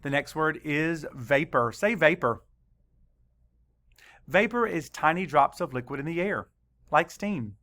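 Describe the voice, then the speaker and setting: Man, teacher, spelling lesson for kids, slightly high voice, very slow and deliberate. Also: animated, pushed and bright.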